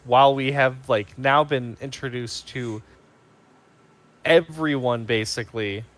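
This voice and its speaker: A man's voice: mid-range voice, steady tone, measured pace. A young man co-hosting a podcast, chatting casually with wry, opinionated remarks about a cartoon. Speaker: podcast co-host.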